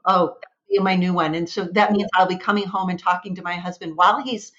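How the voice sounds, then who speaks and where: A middle-aged American woman, a speech pathologist guest, telling stories in an animated, chatty way. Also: fairly low pitch, fast talker, lo-fi sound, a little hiss or hum. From United States. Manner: animated storyteller. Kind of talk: casual interview chat.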